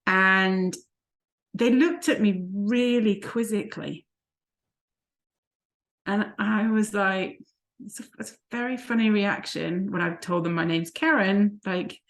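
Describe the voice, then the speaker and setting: A woman's voice: mid-range voice, vocal fry, a bit bright. A woman, a life coach co-hosting a vlog, telling stories in casual chat and laughing often. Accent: non-American, unplaced. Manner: chatty storyteller who laughs often.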